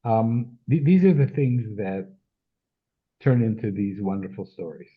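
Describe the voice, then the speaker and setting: A man hosting an interview, halting, restarting and repeating words as he asks questions. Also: fairly low pitch, expressive, breathy edge, narrow, tinny audio. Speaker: interviewer host. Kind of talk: casual interview conversation.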